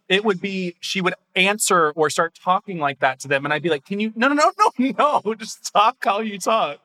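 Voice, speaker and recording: Male interviewer, bright tone, slightly high pitch, playful. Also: low-quality recording. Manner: playful, asks questions, quick asides. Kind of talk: casual interview chat.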